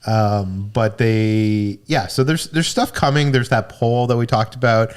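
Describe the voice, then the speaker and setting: A man's voice: on the low side, unhurried, smooth. A young man co-hosting a casual livestream, chatting easily and reading viewer comments aloud. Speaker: livestream co-host. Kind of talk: casual chat.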